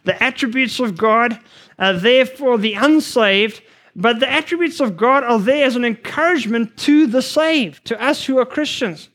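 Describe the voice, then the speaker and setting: A man preaching a sermon to future missionaries, earnest and emphatic, sometimes rushing his words. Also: extremely high pitch, a bit bright. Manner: earnest, emphatic, rushes at times.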